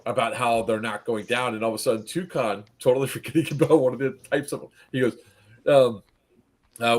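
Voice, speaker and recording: A man recounting an airsoft-style event to friends in casual chat, laughing often and acting out what the players yelled. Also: medium pitch, steady tone, a little fast. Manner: laughing storyteller, acts out players' lines. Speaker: event organizer recapping a game. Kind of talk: casual group chat recap.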